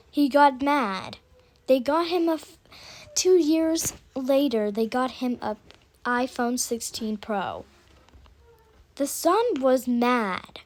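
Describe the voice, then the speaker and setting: A woman improvising a story out loud, often stopping and correcting herself mid-sentence. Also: fairly high pitch. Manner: halting, with restarts and self-corrections.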